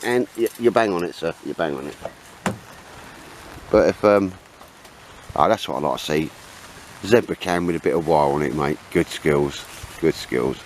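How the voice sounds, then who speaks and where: A man's voice: a bass voice, normal speed, long pauses, poor audio. A middle-aged man filming a camping trip, bantering in casual chat with his friends and calling them mate and sir. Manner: chatty, jokey banter, calls everyone mate and sir. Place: windy, rainy campsite outdoors. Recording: wind and rain noise outdoors. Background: wind and rain.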